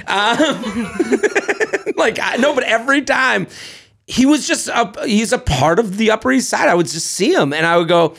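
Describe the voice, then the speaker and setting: Animated, lively-voiced man co-hosting. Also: high-pitched, brisk, creaky. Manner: animated storyteller, acts out quotes. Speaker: podcast co-host. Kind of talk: casual chat.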